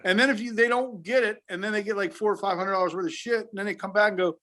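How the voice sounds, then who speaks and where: A man's voice: high voice, fast. A man telling profane retail stories on a remote call in casual chat. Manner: profane, animated storyteller. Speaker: guest, retail worker.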